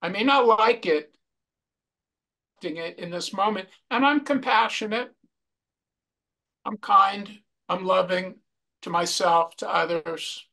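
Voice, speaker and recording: Bright-voiced man teaching mindfulness. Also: sits high, vocal fry. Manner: slow, repetitive, reflective delivery. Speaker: wellness workshop presenter.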